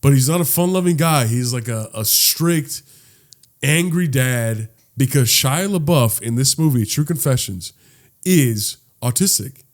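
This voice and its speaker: A man chatting on a casual podcast, his voice sitting at an ordinary middle pitch. He talks in an excitable way, swears freely and gets louder when worked up. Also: a little slow. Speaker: podcast co-host. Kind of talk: casual chat.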